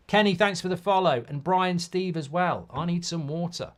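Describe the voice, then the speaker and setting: A man's voice: high-pitched, moderate pace, hardly any pauses. A man hosting a live football watchalong, casual and blunt, reading out viewer comments between reactions to the match. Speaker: host.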